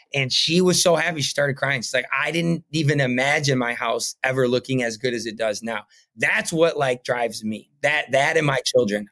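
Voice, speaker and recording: With a gravelly, fairly high-pitched voice, this podcast guest who runs a painting company rambles earnestly through a casual interview. He often tacks "right?" or "you know what I mean?" onto what he says.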